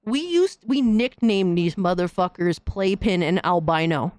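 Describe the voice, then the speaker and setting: A woman's voice: fairly low pitch, expressive, a little slow, darkish tone, dry recording. Heated profane woman ranting. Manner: heated, profane, slangy rant. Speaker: podcast host. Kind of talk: casual ranting commentary.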